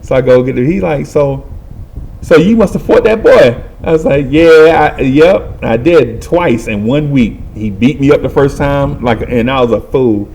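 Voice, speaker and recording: Animated man telling a street story. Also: mid-range voice, normal speed, a little hiss or hum. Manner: animated, voices other people and makes sound effects. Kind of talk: casual storytelling.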